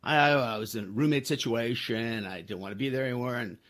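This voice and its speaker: A man's voice: mid-range voice, brisk, fairly bright tone. A man in his sixties hosting a podcast, telling a story in a rambling, self-deprecating way, with many fillers and restarts. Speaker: podcast host. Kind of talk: casual storytelling.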